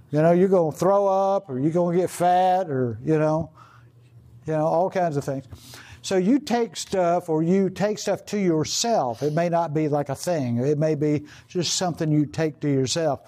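A man's voice: a little high, measured pace, warm tone. An older man preaching a sermon in a rambling, conversational way, full of "you know" and restarts. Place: outdoor gathering.

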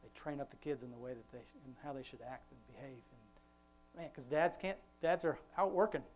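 A father leading an informal family devotion, talking in a rambling, conversational way with many restarts, and slowing down to quote scripture with emphasis. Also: mid-range voice, darkish tone, slight background noise.

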